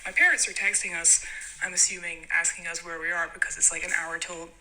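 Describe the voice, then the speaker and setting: A woman's voice: on the low side, level tone, brisk, bright, forceful tone, rough recording. A young Scottish woman rambling through a frank story in a casual voice note, laughing as she goes. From Scotland. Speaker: listener sending a story.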